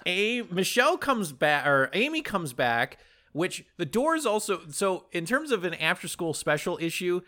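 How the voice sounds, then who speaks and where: Man, podcast co-host, lively pitch, bright voice, joking recap. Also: unhurried. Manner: animated storytelling with joking asides. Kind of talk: casual comedic chat.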